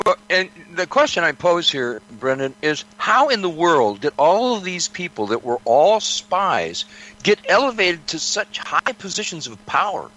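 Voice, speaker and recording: A male host asking long interview questions, halting and restarting as he goes. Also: a little high, very animated, bright, forceful tone, rough recording.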